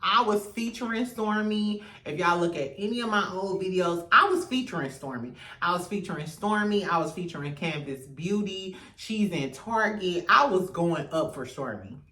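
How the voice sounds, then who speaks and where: A woman hosts a gossip show, sassy, profane, quick to laugh. Her pitch swings widely as she tells the story. She sits back from the mic in a roomy, echoing space. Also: expressive, sharp tone, far from the mic. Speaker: host. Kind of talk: casual reality TV gossip commentary.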